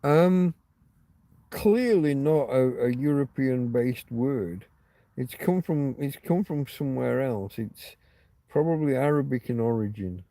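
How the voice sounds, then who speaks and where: Mellow-voiced man rambling on a livestream. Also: mid-range voice, lively intonation, slow pace, no echo. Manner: meandering, answers viewer comments. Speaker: livestream host. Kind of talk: casual rambling chat with viewers.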